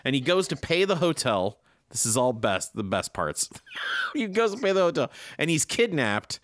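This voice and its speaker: A male podcast host recaps an old cartoon in an excited, rambling way, full of fillers and restarts. His pitch swoops up and down a lot, and the sound is dry and close. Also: normal speed, no echo. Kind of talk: casual chat.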